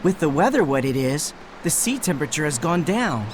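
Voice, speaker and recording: An actor voicing an excitable fisherman villager in a video game. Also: medium pitch, fairly quick, noisy background, lightly acted. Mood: animated.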